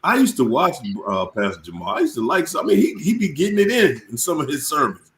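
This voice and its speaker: A male host in casual live-stream chat, animated and preachy, often repeating his words. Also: fairly high pitch, fast talker, vocal fry, reverberant.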